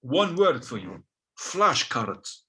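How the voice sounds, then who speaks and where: A man's voice: medium pitch, big pitch swings, slow pace, sharp tone, heavily acted. A man voicing a stern male Russian language teacher with a put-on Russian accent, giving blunt, clipped advice.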